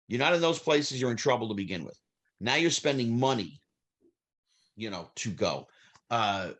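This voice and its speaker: A man, a former child actor telling lively stories as an interview guest. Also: mid-range voice. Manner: animated, acts out quoted people, restarts. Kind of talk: storytelling interview answers.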